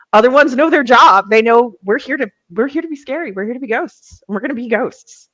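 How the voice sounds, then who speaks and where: A woman's voice: high-pitched, fast, no room sound, poor audio. A young adult woman, a psychic medium, talking casually in an interview, laughing often and filling her talk with "like" and "um".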